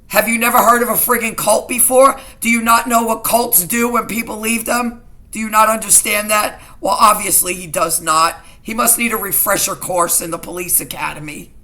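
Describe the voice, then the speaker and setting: A woman's voice: fairly high pitch, fairly even intonation, moderate pace, pushed and bright. A middle-aged woman vlogging to her viewers in an emotional personal rant, indignant and agitated, often repeating herself.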